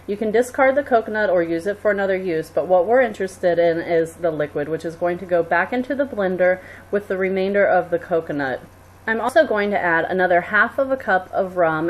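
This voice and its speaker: A woman hosting a cooking video, explaining each recipe step in a steady, instructive way. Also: fairly low pitch, a little hiss or hum. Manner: steady, instructive, friendly sign-off. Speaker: cooking show host. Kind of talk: scripted cooking demonstration.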